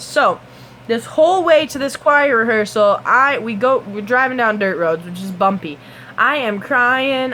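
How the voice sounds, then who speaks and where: A woman's voice: medium pitch, moderate pace, a bit bright, a little hiss or hum. A woman vlogger casually telling a personal story to her camera, rambling and chatty, with lots of fillers and sound effects.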